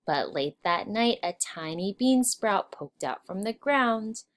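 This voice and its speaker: Slow, expressive woman reading aloud. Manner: expressive, varies pitch and volume with the story. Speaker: storyteller. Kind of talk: children's read-aloud narration.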